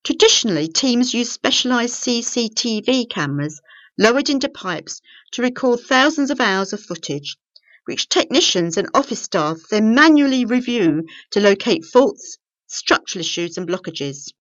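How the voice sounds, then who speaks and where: A woman reading local news and closing the programme as its editor, in a clear, measured way. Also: a little high, lively intonation, a bit bright, dry recording. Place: small local studio. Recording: dry, slightly dull studio recording.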